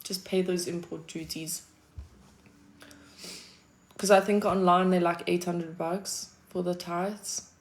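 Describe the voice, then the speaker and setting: A woman's voice: lowish voice, little pitch movement, slow pace, long pauses. A South African woman chatting casually on a livestream, answering her chat with a laid-back manner, frequent laughs and casual swearing.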